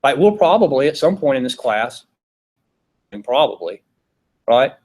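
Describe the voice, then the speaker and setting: A man's voice: mid-range voice, big pitch swings, normal speed. A man with a Georgia Southern accent teaching a philosophy class, talking conversationally and checking in with "right?" all the time. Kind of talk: classroom lecture.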